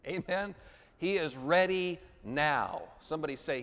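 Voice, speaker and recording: A man preaches in a church sanctuary, his fairly high voice ringing through a long hall echo. He keeps asking for amens and calls for the congregation to say lines back. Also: normal speed, fairly bright tone, clear, resonant tone. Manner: call-and-response preaching, asks for amens. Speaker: pastor. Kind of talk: sermon.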